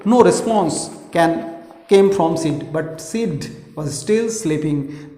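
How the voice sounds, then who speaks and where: A man's voice: high voice, a little mellow. A man teaching English, reading a story aloud and explaining word meanings, often repeating and rephrasing himself. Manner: repeats and rephrases, frequent restarts. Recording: echoey room with long reverb.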